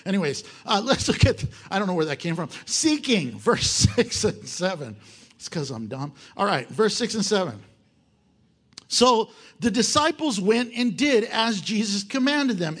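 Male pastor, high voice with big swings in pitch, lively and joking, asks his congregation rhetorical questions. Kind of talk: sermon.

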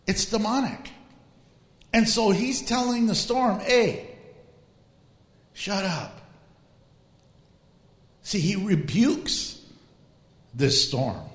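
A man preaching as a pastor in a lively, humorous way, drawing out emphatic phrases. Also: high voice. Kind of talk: sermon. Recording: echoey hall.

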